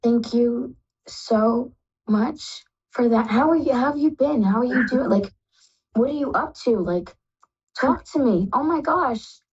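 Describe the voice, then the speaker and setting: A woman's voice: a little high, unhurried, a little mellow, slightly rough, lo-fi sound. A woman hosting a live call-in psychic reading show, effusive and tearful, calling callers "love".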